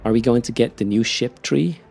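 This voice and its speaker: A man's voice: mid-range voice, fairly quick, creaky, a little mellow, faint music behind. A man with a Swiss German accent chatting casually with his live-stream audience while playing, often repeating words as he starts a sentence. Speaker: game streamer.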